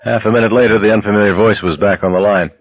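A man narrating a novel as an audiobook in a steady, measured way. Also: lowish voice, no room sound. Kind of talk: scripted narration. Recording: dull lo-fi dry recording.

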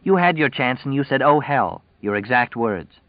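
A man voicing a sharp-tongued young pregnant woman, cool and sarcastic in her replies. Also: mid-range voice, animated, moderate pace, dry recording, lo-fi sound, pitched above the performer's own voice, close to an everyday voice. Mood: cutting.

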